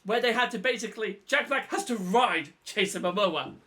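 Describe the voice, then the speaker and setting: A man's voice: high-pitched, expressive, normal speed, pushed and bright. A young man co-hosting a casual podcast, blunt and a bit sweary as he makes his points. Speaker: podcast co-host. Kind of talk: casual chat.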